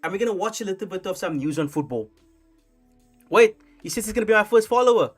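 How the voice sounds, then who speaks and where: A young man from Africa, hosting a casual live stream in a rambling, animated way with many restarts. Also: high voice, moderate pace. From South Africa. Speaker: streamer host. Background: faint lo-fi music.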